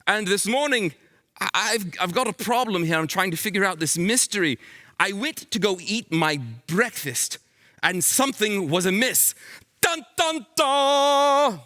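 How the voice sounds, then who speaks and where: A children's Bible school teacher hams up a bumbling, excitable detective for kids, his high voice swooping wildly in a bright, theatrical tone. At normal speed, he works the room with playful, dramatic exclamations and big flourishes.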